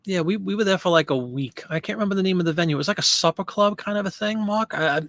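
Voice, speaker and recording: A man's voice: sits high, quick pace, creaky, a bit bright, no echo. A man hosting a live stream, chatting casually and answering viewer comments.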